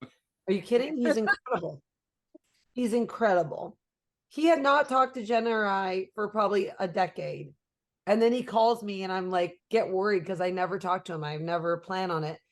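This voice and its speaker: A woman co-hosting a casual podcast chat, telling family stories with a quick, dry humor. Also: medium pitch. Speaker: podcast co-host.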